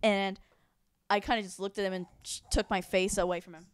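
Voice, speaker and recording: A woman's voice: medium pitch, steady tone, brisk, smooth, no echo, clean studio sound. A young woman co-hosting a casual podcast, laughing often and jumping in to add to the story. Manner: giggly, laughs often, jumps in to finish stories. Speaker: podcast co-host.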